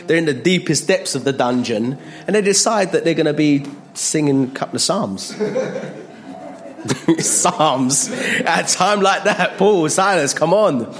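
Animated, jokey male preacher. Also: measured pace. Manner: animated, jokey, acts out voices with big pitch jumps. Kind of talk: sermon.

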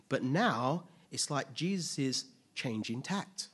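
A man preaching a sermon, asking rhetorical questions, making playful asides and building to loud, emphatic peaks. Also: medium pitch, expressive, slow, few pauses, husky. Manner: casual asides with playful humor.

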